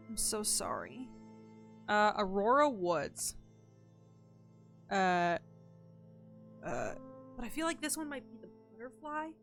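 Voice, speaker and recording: A woman's voice: fairly high pitch, sharp tone. A young woman streaming a mystery game, chatting casually, thinking aloud and thanking her chat.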